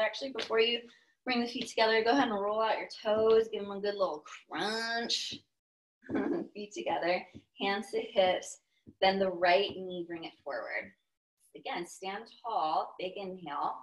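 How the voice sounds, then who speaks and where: A young woman with a Texan accent, a yoga instructor giving calm step-by-step cues with playful asides. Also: on the low side, low-quality recording. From Texas, US. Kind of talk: guided yoga class cues.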